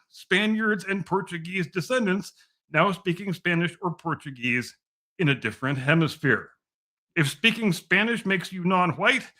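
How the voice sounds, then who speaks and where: Sarcastic guy reading his own podcast script, dry and mock patient, kinda high voice. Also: bright, forceful tone. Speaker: podcast host. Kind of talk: scripted sardonic monologue.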